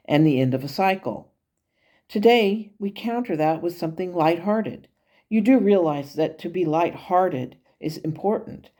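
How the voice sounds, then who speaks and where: A woman's voice: low-pitched, lightly acted. Wise angel guide, relayed by a woman. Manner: measured, gently teaching. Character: wise, gently humorous male angel guide.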